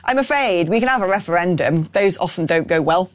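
A woman's voice: lowish voice, expressive, brisk, no room sound. A woman hosting a political talk radio show, opinionated and blunt, reading out listener messages with frequent ums and restarts.

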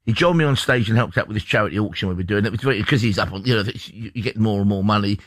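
Male radio phone-in host, quick enthusiastic delivery, dry close studio sound. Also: fairly low pitch, dry recording. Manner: brisk, enthusiastic.

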